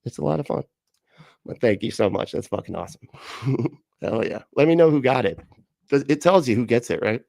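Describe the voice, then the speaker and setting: A man's voice: mid-range voice, lively intonation, a little fast, creaky, pauses often, dark tone, no echo, clean studio sound. A man hosting a livestream, reacting to a clip with sarcastic, mocking commentary, swearing and laughing often. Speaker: livestream host reacting to a video.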